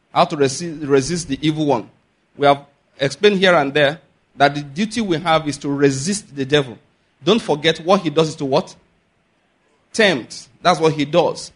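Husky high-voiced male preacher. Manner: teaching, repeats points and asks the listeners questions; reads scripture aloud with rising emphasis. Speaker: pastor. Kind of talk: sermon.

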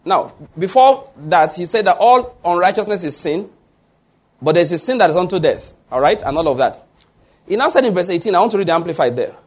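A man's voice: high-pitched, animated, a little fast. A man preaching a sermon, often asking the congregation fill-in-the-blank questions. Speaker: pastor.

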